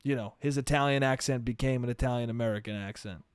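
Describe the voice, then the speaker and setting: A man's voice: mid-range voice, quick pace, smooth, no room sound. A man from New York State hosting a solo podcast, rambling, swearing and laughing at himself. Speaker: podcast host.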